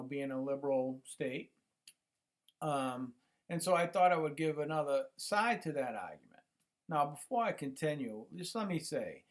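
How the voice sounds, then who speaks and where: A middle-aged man talking to camera on his own channel, rambling with many fillers and restarts, recorded on a computer microphone. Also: fairly high pitch. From United States. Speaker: YouTube channel host. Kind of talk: casual monologue to camera.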